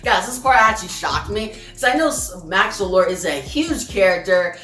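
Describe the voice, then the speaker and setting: A woman's voice: medium pitch, lively intonation, moderate pace, pushed and bright. A woman casually recapping a comic book issue, retelling the plot with lots of "like" and filler words. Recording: roomy distant recording with faint music.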